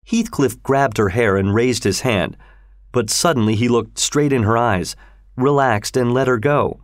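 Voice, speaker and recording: A man narrating a classic novel in steady, measured audiobook storytelling. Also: mid-range voice, no echo, studio quality.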